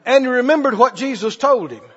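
A man's voice: very high-pitched, expressive, a little fast, fairly bright tone, husky. A man preacher delivering a fervent sermon and firing rhetorical questions at his congregation. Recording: dull recording with long hall reverb.

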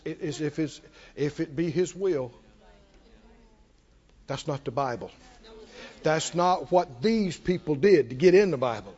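A man preaching a sermon in an animated, conversational way with chuckling asides. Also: a little high. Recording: dull audio in a large reverberant hall.

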